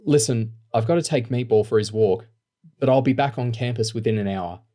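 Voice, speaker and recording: A man's voice: medium pitch, a little fast, natural voice. A man reading an audiobook, voicing a caring twelve-year-old girl who is close to tears. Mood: sad. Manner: fond, soft-spoken.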